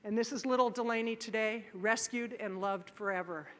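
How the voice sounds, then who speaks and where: A woman giving a motivational keynote in a large conference hall, telling a story with animated acted-out voices and shouts. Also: a little high, moderate pace. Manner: animated, acts out voices and shouts in her stories. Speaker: keynote speaker. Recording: live conference hall with long reverb.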